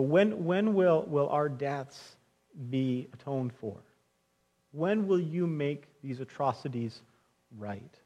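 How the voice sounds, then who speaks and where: A man's voice: mid-range voice, darkish tone. A young man preaching a sermon in an earnest, conversational way, often restarting phrases and speaking directly to his listeners as friends. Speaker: pastor.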